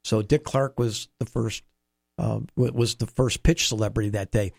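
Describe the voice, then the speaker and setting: A man telling animated anecdotes in a conversation, acting out quoted dialogue. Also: lowish voice, normal speed, gravelly, no room sound, studio quality. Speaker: interview guest, former baseball team staffer. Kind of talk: storytelling conversation.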